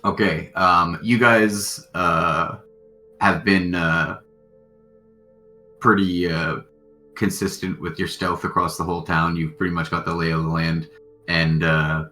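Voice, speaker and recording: A man's voice: sits low, level tone, takes it slowly, sharp tone, faint music behind. A young man narrating as game master in casual chat, rambling with fillers and restarts.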